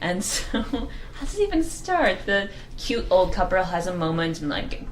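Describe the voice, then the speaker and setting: A woman co-hosting a podcast in casual chat, animated and giggly, often jumping up high for emphasis. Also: normal speed. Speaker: podcast co-host.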